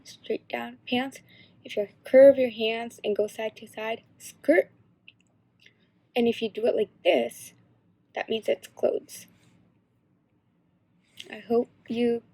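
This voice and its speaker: Slow, gravelly-voiced young woman teaching. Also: a little high, dark tone. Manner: halting, slow explanation. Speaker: sign language instructor. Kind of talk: casual tutorial.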